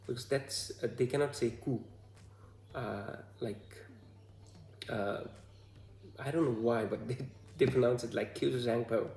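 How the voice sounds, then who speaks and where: A man from Bhutan with a Bhutanese accent, talking to the camera in a hesitant, halting way full of fillers. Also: medium pitch, gravelly, a little mellow, roomy sound. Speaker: vlogger. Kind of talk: casual talk to camera.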